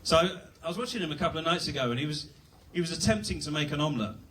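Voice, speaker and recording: A man's voice: fairly high pitch, expressive, rapid-fire, a bit bright, far from the mic, a little hiss or hum. A young British man doing a rambling, self-deprecating stand-up set at a comedy club. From Britain.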